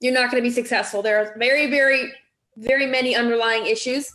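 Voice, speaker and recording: A woman's voice: a little high, steady tone, fast talker, fairly bright tone, reverberant. A woman leading a weight-loss coaching session, encouraging and asking the group direct questions. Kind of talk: motivational group talk.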